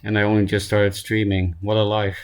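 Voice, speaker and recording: A man with a very low voice talks through a card game on stream, self-deprecating and wandering in thought. His voice is hoarse from laughing, and he keeps clearing his throat. Quiet music plays faintly behind him. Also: flat delivery, a little fast. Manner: self-mocking, thinking aloud, frequent throat clearing. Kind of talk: casual gameplay commentary.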